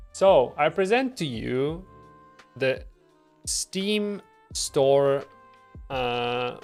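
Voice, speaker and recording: A man's voice: mid-range voice, a bit bright. Man, mid-range voice, easygoing indie dev streaming, rambles with fillers; faint music underneath. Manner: rambling, filler-heavy, self-deprecating. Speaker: indie game developer streaming. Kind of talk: casual devlog stream talk.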